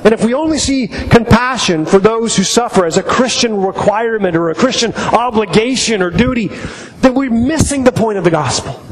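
Middle-aged man, pastor preaching, high voice, halting repetitions, long church reverb, faint background noise. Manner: halting, repeats words while telling stories. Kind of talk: sermon.

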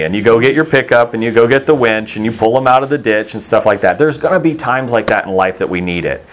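A man's voice: medium pitch, fast, few pauses. A middle-aged man from Texas preaching a sermon in a conversational, storytelling way, acting out the voices he quotes.

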